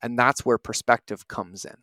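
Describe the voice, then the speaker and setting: A man's voice: medium pitch, steady tone, normal speed, sharp tone, no room sound. A man in his thirties, a podcast host, giving an earnest, reflective motivational talk and often asking "right?".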